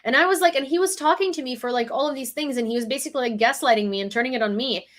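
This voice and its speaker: A woman's voice: high voice, rapid-fire, a bit bright. A woman reading news summaries and breaking into exasperated commentary, from Ukraine. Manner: reads headlines, then rants with exasperation. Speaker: news vlogger.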